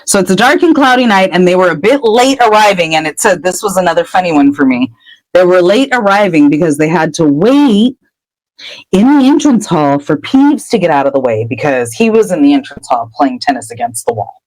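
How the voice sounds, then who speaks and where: Woman podcast host, casual animated recap, dry close mic. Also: on the low side, brisk, no room sound, low-quality recording. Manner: animated, laughing storyteller. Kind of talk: casual chapter recap with acted voices.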